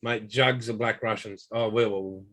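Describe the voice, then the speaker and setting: An Australian man in a casual chat, telling stories in a lively, boisterous way. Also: lowish voice, moderate pace. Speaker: co-host, ex-Navy.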